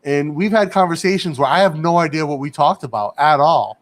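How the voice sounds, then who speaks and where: A man's voice: fairly high pitch, fairly quick. Man, livestream host, casual chat, home studio, reads comments aloud.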